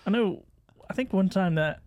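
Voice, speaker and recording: A man's voice: high voice, animated, normal speed, darkish tone, dry recording. A man co-hosting a fishing podcast, bantering and laughing easily. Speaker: podcast co-host. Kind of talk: casual podcast chat.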